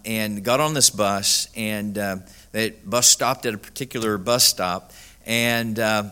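Bright-voiced preacher telling a story. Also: male voice, mid-range voice. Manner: storytelling with many "uh" fillers, rising to emphatic peaks. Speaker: pastor. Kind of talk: sermon.

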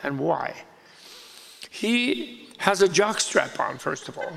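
Gravelly guy telling an old story, fairly high voice, laughing along, big hall echo. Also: slow pace. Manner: lively, amused, laughing between lines. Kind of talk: casual spoken storytelling. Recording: long hall reverb.

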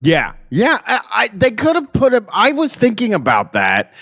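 A man co-hosting a podcast in casual chat, halting as he speaks and quick to laugh. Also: high voice, wildly swooping pitch, gravelly, fairly bright tone. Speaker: podcast co-host.

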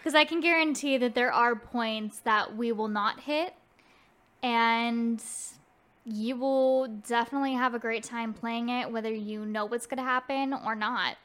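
A woman co-hosts a casual game review chat with relaxed asides. Her voice sits a little high, and she talks slowly and unhurriedly. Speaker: podcast co-host.

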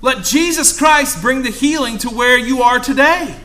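A young male preacher with a high, ringing voice delivers an impassioned sermon. He swings between loud exclamations and quiet, hushed asides. His tone is bright and forceful throughout. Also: normal speed.

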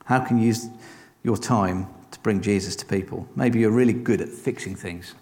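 A man with a lowish voice preaches a sermon in an easy, conversational way. He keeps encouraging his listeners and asking rhetorical questions. His voice rings with the long reverb of a church hall. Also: moderate pace, dark tone.

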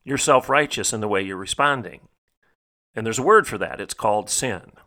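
A man's voice: on the low side, moderate pace, sharp tone. A middle-aged man hosting a podcast, delivering an emphatic, rhetorical monologue that repeats phrases for stress. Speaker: podcast host. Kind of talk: preaching monologue.

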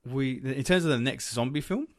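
A man's voice: medium pitch, a little fast, no echo, clean studio sound. Rambling man in casual film chat. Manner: rambling, searching for words with many fillers. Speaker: podcast co-host.

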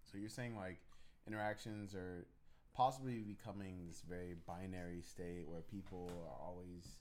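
A man's voice: sits low, steady tone, normal speed, a little mellow, slight background noise. A young man co-hosting a casual chat, hesitant and searching for his words. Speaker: podcast co-host.

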